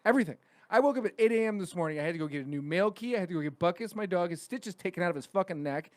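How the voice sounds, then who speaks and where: Profane, animated man in his thirties. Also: sits high, racing, no room sound. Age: 30s. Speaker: podcast host. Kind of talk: casual comedic chat.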